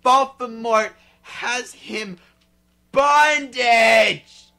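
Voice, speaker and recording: A man's voice: high voice, moderate pace, bright, forceful tone, pitched above the performer's own voice, exaggerated voice. A man voicing a melodramatic goth teen girl, reading with over-the-top shrieking outbursts.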